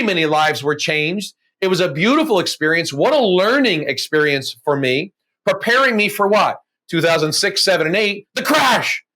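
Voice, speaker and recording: A middle-aged man, a mortgage broker and coach, telling his story as an interview guest and acting out the voices of people he quotes. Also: sits high. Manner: animated, acts out quoted voices with laughs.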